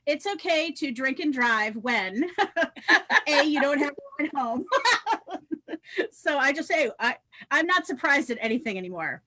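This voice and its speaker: A woman's voice: sits high, animated, measured pace, long pauses, bright, forceful tone. A woman hosting a comedy live stream, introducing comics in a bubbly, cheering way. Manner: bubbly, cheering, laughs a lot. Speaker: comedy show host. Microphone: video call.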